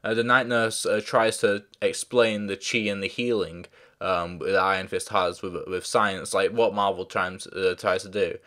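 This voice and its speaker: A man's voice: deep voice, fairly even intonation, normal speed, fairly bright tone. A man giving a casual spoken review, rambling with many fillers and restarts and stopping to apologise when he forgets names. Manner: loses track of names, apologises. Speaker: show reviewer.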